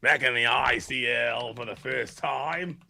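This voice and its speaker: A man's voice: mid-range voice, unhurried, gravelly, pushed and bright, slight background noise. A man back on a card game stream chatting casually, easygoing and upbeat, laughing along with the others. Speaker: returning guest commentator. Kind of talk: casual chat.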